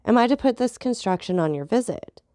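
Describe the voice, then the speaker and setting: Lady reading a calm ironic journalist guy, slow measured replies, dry close sound. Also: fairly high pitch, no echo, pitched above the performer's own voice, lightly acted.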